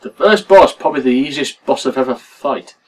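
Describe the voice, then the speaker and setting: A man's voice: mid-range voice, brisk. A young man co-hosting a let's play, casually chatting with short offhand remarks. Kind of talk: casual gameplay commentary. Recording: distant mic with game music behind.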